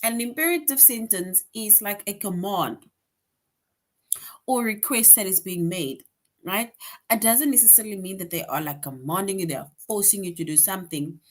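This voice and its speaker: Patient woman teaching grammar to kids. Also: medium pitch. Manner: explains patiently, tag question "right?" after most points; reads example sentences slowly with emphasis. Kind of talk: online grade-school grammar lesson.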